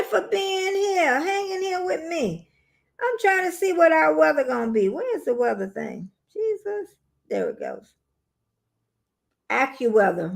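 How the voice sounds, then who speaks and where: A woman's voice: a little high, vocal fry. A woman, chatting casually with viewers on a phone livestream, rambling and calling them y'all. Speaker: livestream host.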